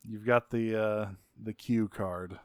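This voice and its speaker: Man, podcast co-host, laid-back recap, smooth voice, dry close sound. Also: fairly low pitch, fairly even intonation, slow pace, dry recording. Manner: laid-back, swears, laughs often. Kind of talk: casual chat recapping a cartoon.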